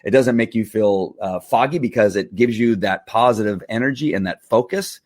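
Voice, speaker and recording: A middle-aged man talking casually to camera in a testimonial vlog, animated and full of restarts and fillers. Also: on the low side, moderate pace. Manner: animated, acts out angry outbursts, many fillers and restarts. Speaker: vlogger selling wellness products.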